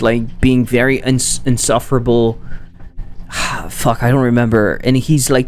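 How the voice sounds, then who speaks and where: A man streams live while coding as a game developer, chatting casually, rambling, swearing and cutting himself off mid-sentence. His voice is mid-range and a little mellow.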